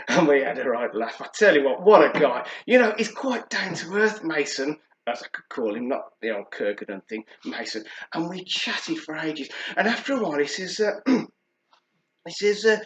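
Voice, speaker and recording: British male reviewer, animated and chatty, expressive delivery, echoey room. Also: on the high side, moderate pace, muffled recording. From United Kingdom. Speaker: fragrance reviewer. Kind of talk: storytelling vlog. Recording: roomy echo.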